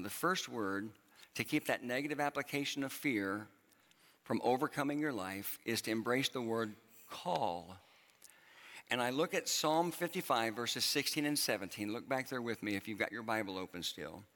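A man preaches a sermon from a stage in a bright, forceful voice. He talks to the congregation in a conversational way and repeats phrases for emphasis. His voice carries a long reverb through a church hall. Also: lowish voice. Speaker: pastor.

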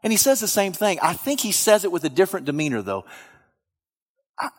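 A man preaching a sermon with dramatic swings from loud to hushed. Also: high-pitched, very animated, fast talker, long reverb tail.

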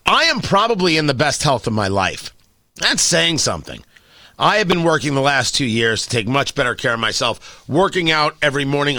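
A man's voice: fairly high pitch, bright, forceful tone, no echo, clean studio sound. A man hosting an opinion commentary monologue, sardonic and opinionated, firing off emphatic rhetorical questions. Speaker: commentary show host.

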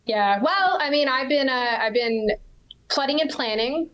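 A woman's voice: high-pitched, a little slow, a bit bright, lo-fi sound. Dry-witted woman guest. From Australia. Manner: dry, wry humor. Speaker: guest commentator. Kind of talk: casual interview chat.

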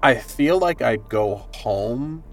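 A man's voice: mid-range voice, expressive, takes it slowly, far from the mic, faint music behind. A man narrating his character's actions in a tabletop game, rambling and full of fillers. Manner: rambling, filler-heavy describing. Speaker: player. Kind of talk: tabletop role-play narration.

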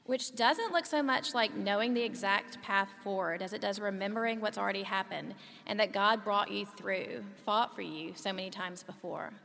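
A woman's voice: mid-range voice, moderate pace, gravelly, hardly any pauses. A woman in her thirties, a mother and co-host, reading a scripted conversation in a chatty storytelling manner. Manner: chatty storytelling, lively asides. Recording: long hall reverb, faint ambience.

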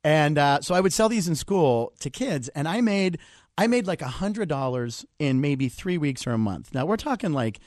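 Male comedian guest, forties, Pittsburgh-raised, lively animated storyteller, dry studio sound. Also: a little high, moderate pace, dry recording. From Pittsburgh area. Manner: animated, acts out voices in his stories. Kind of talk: casual storytelling.

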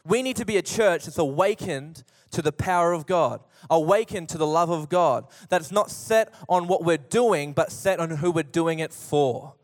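A young man preaching a sermon as pastor, telling stories with lively acted-out voices. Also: on the high side, moderate pace, few pauses. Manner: animated storytelling preacher, acts out voices in anecdotes. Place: church auditorium. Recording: long reverb of a church hall.

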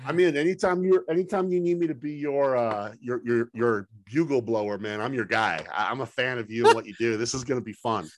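A man's voice: mid-range voice, brisk, few pauses, no room sound. A man hosting a sales podcast, enthusiastic and hyped-up as he introduces and interviews a guest. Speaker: podcast host.

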